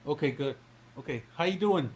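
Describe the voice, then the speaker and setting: A man calling into an online discussion, joking in a deadpan way. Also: on the high side, fairly quick, breathy edge. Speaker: caller joining a live stream. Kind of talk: casual chat.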